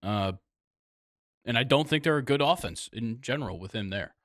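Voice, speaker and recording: A man's voice: medium pitch, lively intonation, moderate pace, fairly bright tone, no room sound, studio quality. Laid-back young man talking sports. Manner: laid-back, laughs often, trails off with fillers. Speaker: podcast co-host. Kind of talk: casual sports chat.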